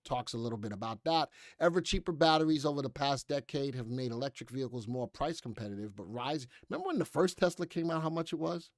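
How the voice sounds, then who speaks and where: A man's voice: mid-range voice, expressive, fast, few pauses, dry recording, clean studio sound. An American man hosting a live stock market show in casual, chatty commentary, reading headlines aloud and skimming past parts. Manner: chatty, reads headlines aloud and skims with "blah, blah".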